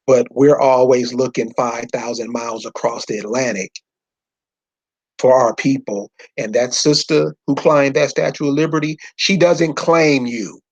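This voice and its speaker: A man giving an informal lecture from a map, speaking in loose slangy speech and firing rhetorical questions straight at his listeners. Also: medium pitch.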